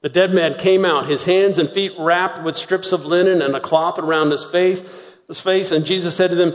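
A man preaching a sermon, retelling a story with lively acted-out voices. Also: high-pitched, normal speed, in a large hall. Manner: animated storytelling, acting out voices. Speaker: pastor.

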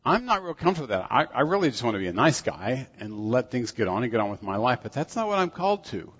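An older man delivering a sermon in an earnest, measured way, with self-deprecating asides. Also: mid-range voice, sing-song, a bit bright, husky. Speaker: preacher. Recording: dull audio with long hall reverb.

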